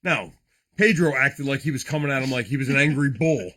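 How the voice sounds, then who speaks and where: Excitable profane man with a lively voice. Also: mid-range voice, brisk. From New Jersey. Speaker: card-breaking streamer. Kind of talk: casual live card-opening chat.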